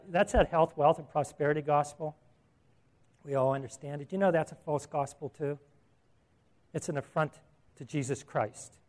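Man, preacher, sermon, conversational, asks listeners questions, self-amused chuckles, somewhat high voice. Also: darkish tone. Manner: conversational, asks the audience questions, chuckles at his own asides.

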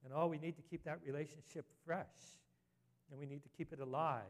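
A man's voice: fairly high pitch, fairly even intonation, a little fast. A man preaching an earnest sermon as a pastor, rising to emphatic scripture reading.

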